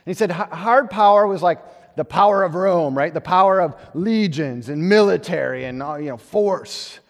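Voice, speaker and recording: A male pastor giving a conversational, animated sermon, often repeating words as he restarts. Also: high-pitched, moderate pace. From United States. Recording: long hall reverb.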